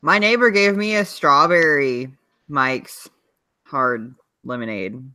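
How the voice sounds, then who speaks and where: A young man co-hosting a podcast, chatting casually, wry and quick to laugh. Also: fairly high pitch, sharp tone, dry recording. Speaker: podcast co-host. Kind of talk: casual chat.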